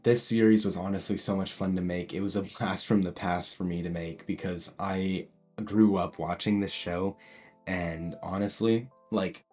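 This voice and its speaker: A man's voice: sits low, darkish tone, breathy edge. A man casually retelling a fan story as a video creator, rambling and often saying "like". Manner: rambling, lots of "like" and restarts. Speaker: YouTube storyteller.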